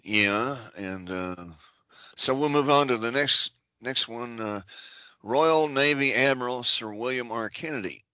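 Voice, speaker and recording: A man's voice: medium pitch, unhurried, pushed and bright, clear, resonant tone, dry recording, highs cut off. A man on a podcast reading out a long list of titles and offices, breaking it up with dry joking asides. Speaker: podcast guest.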